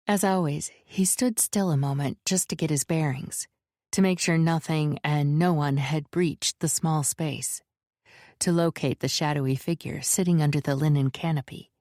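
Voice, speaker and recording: Slow, low-voiced woman narrating. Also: a little mellow, no echo, studio quality. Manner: measured, descriptive reading. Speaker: audiobook narrator. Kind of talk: scripted narration.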